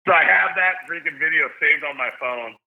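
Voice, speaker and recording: An excitable, jokey man tells a story to his podcast host. His voice comes through a thin, phone-like line, as if he is calling in remotely. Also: on the high side, a little fast, creaky. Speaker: stadium PA announcer, podcast guest.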